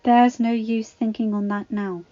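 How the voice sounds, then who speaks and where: A woman voicing a kindly, motherly older housekeeper who speaks softly and chides gently, in a storybook reading. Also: a little high, moderate pace, close to an everyday voice. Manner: soft, chiding, motherly. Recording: slightly dull, faint background music.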